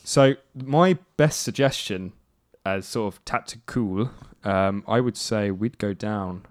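Low-voiced jokey man playing a game. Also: takes it slowly. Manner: rambling, jokey, many ums. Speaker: player. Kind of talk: casual tabletop game chat.

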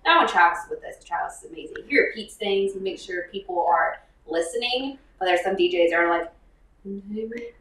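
A young woman co-hosting a podcast in a chatty, emphatic way, with her voice dropping low at the ends of lines. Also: lively intonation, a little fast, hardly any pauses, a bit bright, recorded from a distance, rough recording. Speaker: podcast co-host, wedding planner. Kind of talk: casual chat.

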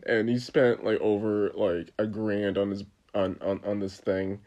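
A man's voice: fairly low pitch, level tone, measured pace, a little mellow, dull audio. A young man co-hosting a podcast, telling stories in casual chat and laughing often. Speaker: podcast co-host.

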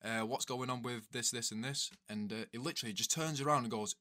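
A man with a bright, forceful voice tells stories to his mates, swearing freely and building up the punchlines. He sounds dry and close, with no room echo. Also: mid-range voice, quick pace. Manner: swears a lot, animated storytelling. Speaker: podcast host, ex-soldier. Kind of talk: casual banter.

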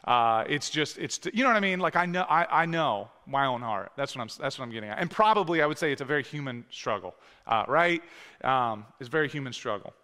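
A man's voice: mid-range voice, lively intonation, fast, pushed and bright. A man in his thirties, a pastor preaching a sermon in a casual, conversational way, with many fillers and restarts. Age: 30s. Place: church sanctuary with long reverb. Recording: echoey hall reverb.

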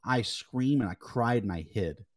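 A young man co-hosting a casual gaming chat, telling animated stories and swearing freely. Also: on the low side, unhurried. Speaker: podcast co-host.

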